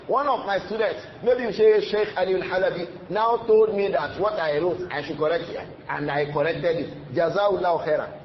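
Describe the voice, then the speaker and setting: A man giving a religious lecture, explaining a classical text in repetitive, emphatic English. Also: high voice. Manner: reads Arabic passages quickly, then explains them in repetitive, emphatic English. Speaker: Islamic teacher. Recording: roomy, slightly dull recording with faint noise.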